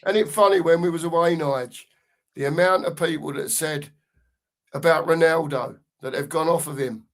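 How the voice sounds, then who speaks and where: His voice is fairly high-pitched with a steady tone as he co-hosts a live watchalong of a football match. Banter runs throughout his casual commentary and readings of chat messages, and he draws out his goal calls for emphasis.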